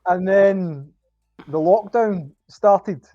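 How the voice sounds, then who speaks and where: A Scottish man talking as a podcast guest, his voice dark and mellow. He speaks haltingly, with ums and false starts. The audio is dull and lo-fi, with a dry sound. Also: high voice, no room sound. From Scotland. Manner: halting, many ums and restarts. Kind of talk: casual chat.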